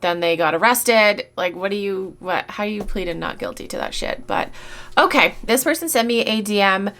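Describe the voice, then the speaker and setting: A woman's voice: mid-range voice, animated, normal speed, a bit bright. A woman vlogger who resells goods, talking casually and bluntly, swearing freely and sounding exasperated. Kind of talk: casual rant commentary.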